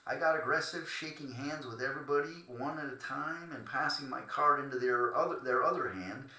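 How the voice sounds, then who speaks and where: A termite treatment contractor from Cleveland, Ohio, reads his memoir aloud, telling his story in a loose, chatty way and pausing between passages to joke and fumble. His mid-range voice is fairly quick, bright, and forceful. The room is echoey and the audio poor.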